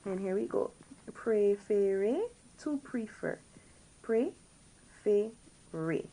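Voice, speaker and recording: A woman with a deep voice teaches a recorded French lesson, drilling words slowly and patiently and correcting herself as she goes. The recording is rough.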